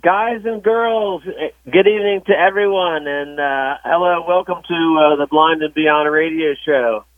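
A man's voice: on the high side, normal speed, dry recording. A man co-hosting a live radio show from home, laid-back and chatty. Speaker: radio co-host. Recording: tinny phone line from home.

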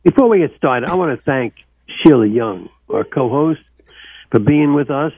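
A man's voice: mid-range voice, lively intonation, normal speed, husky, dry recording. A man hosting a call-in radio show, joking with co-hosts and repeating welcomes. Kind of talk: casual radio talk. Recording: dull lo-fi radio sound.

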